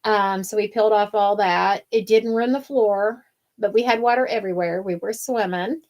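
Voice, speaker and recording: A woman's voice: mid-range voice, steady tone, normal speed, darkish tone. A woman co-hosting a craft show, chatting casually and telling a long, rambling story with plenty of fillers. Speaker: wreath-making show co-host. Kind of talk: casual chat.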